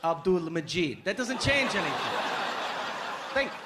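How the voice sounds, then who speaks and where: A man from the United States performing a stand-up comedy set, with punchy delivery that climbs to shouts on punchlines, recorded live on a handheld mic. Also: sits high, sing-song, unhurried, heavy background noise. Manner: punchy, acts out voices and rises to shouting on punchlines. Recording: live club, loud crowd and laughter.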